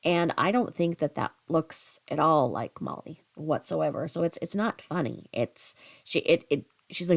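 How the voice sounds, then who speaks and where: Blunt gravelly woman ranting. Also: low-pitched, lively intonation, unhurried, hardly any pauses. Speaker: commentary channel host. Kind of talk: angry commentary.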